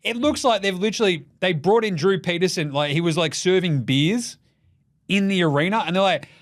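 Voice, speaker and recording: Australian male podcast host, lively and sweary, slightly high voice, dry close sound. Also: dry recording. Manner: animated, profane, jokey rapid-fire riffing. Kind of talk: casual solo commentary.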